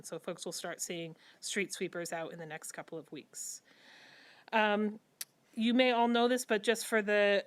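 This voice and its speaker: A woman giving the city manager's report at a council meeting, steady and businesslike with frequent pauses. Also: mid-range voice, smooth. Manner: steady briefing with frequent ums.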